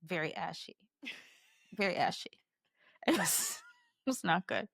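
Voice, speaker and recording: A woman's voice: on the low side, animated, a little slow, creaky, no room sound, studio quality. A woman co-hosting a podcast, shifting from heartfelt reflection to playful teasing, laughing often. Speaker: podcast co-host. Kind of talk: casual chat.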